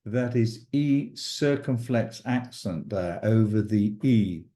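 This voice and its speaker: Slow, mellow-voiced man teaching French. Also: fairly low pitch, animated. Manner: slow, patient spelling out of endings. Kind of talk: video language lesson.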